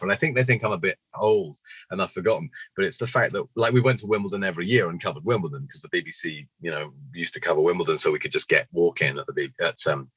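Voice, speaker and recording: Man, 40s, deep voice, husky, animated storyteller, interview guest. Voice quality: naturally low register. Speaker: puppeteer guest. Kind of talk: casual interview anecdotes.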